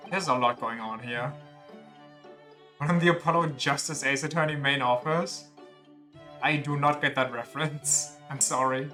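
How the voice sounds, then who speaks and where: A man's voice: mid-range voice, steady tone, moderate pace, pauses often, sharp tone, faint music behind. A man streaming a game, chatting casually with self-deprecating, laughing asides.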